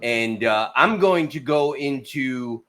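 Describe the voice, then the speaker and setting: A man's voice: medium pitch, lively intonation, slow, bright, forceful tone. A man hosting a casual trucking talk show over a video call, blunt and teasing, with plenty of swearing and "uh" fillers. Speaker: podcast host. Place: Queens, New York.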